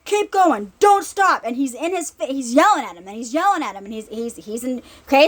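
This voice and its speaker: High, lively woman preaching casually. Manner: conversational, repeats herself, checks in with "right?". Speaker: ministry speaker. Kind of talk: informal sermon.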